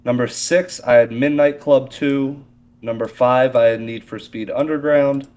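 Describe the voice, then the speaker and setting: A man joining a podcast as a guest, chatting in a relaxed, hesitant way. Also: medium pitch, measured pace. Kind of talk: casual podcast chat.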